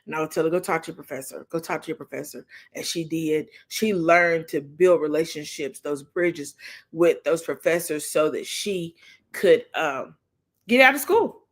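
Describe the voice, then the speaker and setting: Lively laughing middle-aged woman host. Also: on the low side. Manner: animated storytelling, laughs often, acts out her daughter's lines. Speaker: livestream talk show host. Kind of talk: casual chat with live chat viewers.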